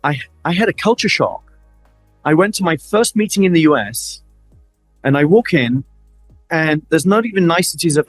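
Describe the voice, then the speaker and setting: A man's voice: on the high side, lively intonation, moderate pace, long pauses, dry recording, faint music behind. A middle-aged man with a Middle Eastern accent, a guest in a fireside chat, telling stories with animation, acting out quoted lines and often repeating words. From Middle East. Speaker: interview guest, family office advisor.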